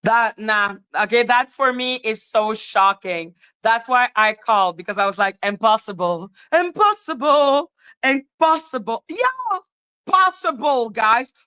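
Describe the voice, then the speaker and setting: A woman hosting a podcast, telling a story in casual chat, excitable and animated, swearing and laughing as she retells it. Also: a little high, a little slow, smooth, low-quality recording. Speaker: podcast host.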